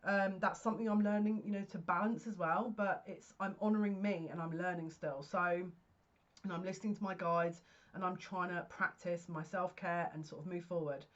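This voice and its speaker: A woman's voice: on the low side, fairly even intonation, normal speed, muffled recording. A woman giving a casual tarot reading, earnest and emotional, rambling with frequent restarts. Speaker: psychic tarot reader. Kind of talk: casual spoken reading to camera.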